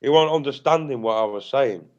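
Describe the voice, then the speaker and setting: A man's voice: medium pitch, fairly quick, lo-fi sound. A British man hosting a livestream in casual chat, blunt and repetitive, swearing freely. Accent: British English. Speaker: livestream host.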